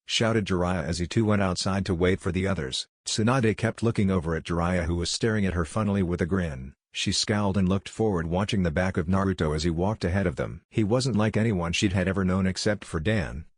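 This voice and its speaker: A man narrating a fanfiction story in a measured, even scripted read. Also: sits low, no echo, studio quality.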